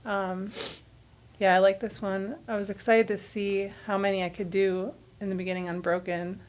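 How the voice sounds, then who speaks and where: Flat-toned woman listing workout details. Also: medium pitch, moderate pace. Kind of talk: casual chat.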